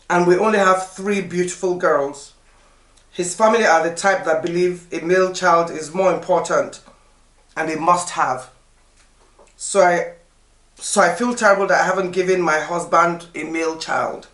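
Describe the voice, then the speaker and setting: A woman, a podcast guest telling stories in lively, emphatic casual chat. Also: on the low side, measured pace, long pauses, far from the mic. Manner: animated, lively storytelling with emphatic repetition. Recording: echoey room.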